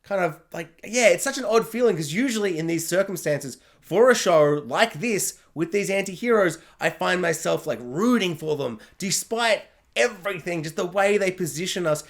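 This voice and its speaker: A man's voice: a little high, normal speed. A man giving a casual spoken TV review, rambling along and filling his talk with "like". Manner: rambling, heavy on "like" fillers.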